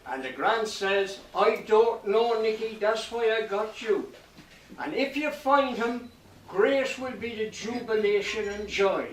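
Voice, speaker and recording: A man's voice: sits high, slow, a little hiss or hum. Man telling a nonsense folk tale. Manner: lilting nonsense-tale delivery with voiced exchanges. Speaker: storyteller. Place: hall with a live audience. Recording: echoey hall recorded from a distance.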